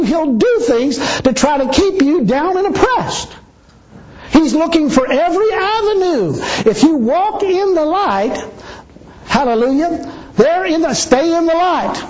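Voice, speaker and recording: High-voiced emphatic male preacher. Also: darkish tone. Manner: emphatic, blunt, mocking asides. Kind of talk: sermon. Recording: dull lo-fi recording.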